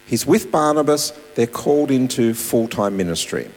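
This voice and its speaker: A man preaching a sermon, swinging between raised emphasis and soft, quiet asides. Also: medium pitch, animated, moderate pace. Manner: dynamic preaching, voice rising and dropping to soft asides. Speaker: pastor. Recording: long hall reverb with mains hum.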